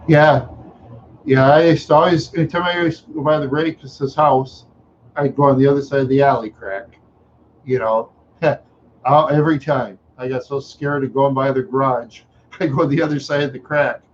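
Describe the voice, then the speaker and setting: A middle-aged man from Minneapolis tells meandering childhood stories, chuckling often and throwing in sound effects. His pitch sits in the middle for a man. The recording is dull and lo-fi, with a faint hiss behind it. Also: fairly even intonation, normal speed. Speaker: live streamer. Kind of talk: rambling storytelling.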